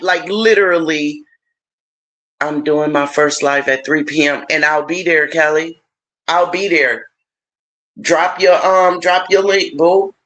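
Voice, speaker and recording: Woman livestream host, slow and chatty, emotional, talks straight to the audience. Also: lowish voice, fairly bright tone. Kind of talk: casual livestream chat.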